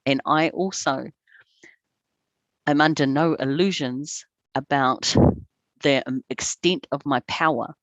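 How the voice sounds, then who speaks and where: A woman's voice: low-pitched, takes it slowly, long pauses, fairly bright tone, no echo. A woman member of parliament speaking on a video call, passionate and defiant, telling her story with emphasis. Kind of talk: panel conversation over video call.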